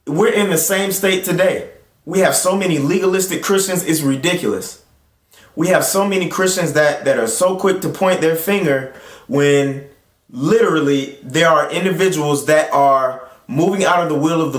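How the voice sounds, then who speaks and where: A man hosting his own channel, reading scripture and then preaching in a casual, conversational way, jumping up in pitch when he acts out other voices. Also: a bit bright, roomy sound. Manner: rises in pitch to act out crowd voices; conversational, with fillers and restarts. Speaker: host and preacher.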